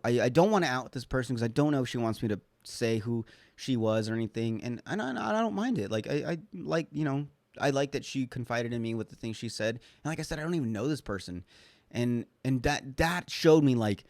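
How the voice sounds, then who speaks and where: A young man in his twenties talks straight into the mic on his own podcast, candid and rambling, with loose swearing and frequent restarts. His voice sits at an ordinary middle pitch. The sound is dry and close, with no room echo. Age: 20s. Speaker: podcast host. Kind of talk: casual solo podcast monologue.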